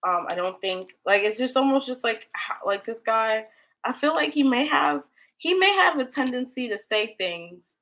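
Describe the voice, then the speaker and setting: A woman's voice: a little high, expressive, moderate pace, fairly bright tone. A young woman giving tarot readings in a loose, rambling livestream chat, full of filler words and asides. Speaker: tarot reader.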